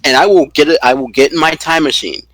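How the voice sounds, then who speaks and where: A man's voice: fairly high pitch, fast, a crowd in the background, poor audio. A man co-hosting a podcast, chatting casually and ranting with profanity and emphasis. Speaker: podcast co-host. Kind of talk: casual chat.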